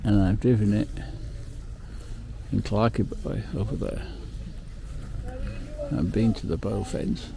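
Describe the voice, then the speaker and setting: A man's voice: on the low side, fairly even intonation, slow, gravelly, long pauses, noisy background. A man talking casually to camera outdoors on a travel vlog, rambling and emotional, with the odd swear word. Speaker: overland travel vlogger. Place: outdoors at the end of a road.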